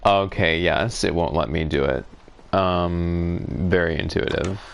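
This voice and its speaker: A man's voice: sits low, steady tone, unhurried, creaky, slight background noise. A man streaming a game, talking to himself in a casual, wry, musing way, congested from a cold. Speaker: gaming streamer. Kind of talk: casual solo gameplay commentary.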